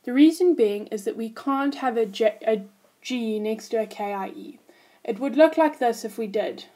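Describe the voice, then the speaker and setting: A woman's voice: on the high side, moderate pace, dark tone. A woman teaching a language lesson, patiently explaining grammar rules and spelling words out letter by letter.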